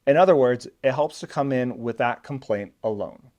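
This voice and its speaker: A man's voice: mid-range voice, normal speed, hardly any pauses, darkish tone. A man hosting an online video, explaining in a casual, conversational way with loose fillers, and acting out quoted patients with sudden emphasis. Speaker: channel host explaining a health topic.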